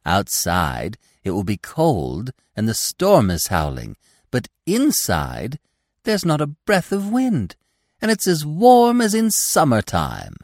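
A man's voice: medium pitch, wildly swooping pitch, takes it slowly, no echo, clean studio sound, voice pushed up, heavily acted. A man voicing a proud, boastful young deer boasting of his winter among people. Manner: boastful, superior.

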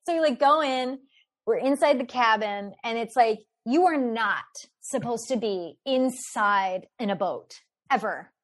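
A woman telling a story in casual conversation, animated and laughing often, with many filler words. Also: fairly high pitch, a little slow. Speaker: guest storyteller.

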